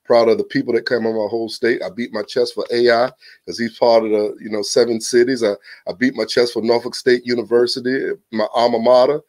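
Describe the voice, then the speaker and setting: A man in his forties from Virginia with a Southern accent, a pastor guesting on a church podcast, animated and telling stories with quick restarts. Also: mid-range voice, no room sound. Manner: animated, exclamatory, storytelling, frequent restarts. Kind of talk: casual church podcast interview.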